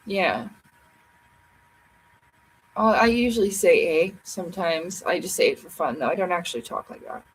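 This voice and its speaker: A woman's voice: fairly low pitch, sing-song, normal speed, long pauses, breathy edge, low-quality recording. A tired woman chatting playfully and ramblingly with viewers on a casual livestream.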